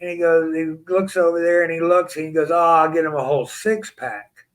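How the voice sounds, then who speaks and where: A man telling an animated story in an interview, acting out the voices of the people in it. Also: fairly high pitch, fairly quick, low-quality recording. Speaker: interview guest.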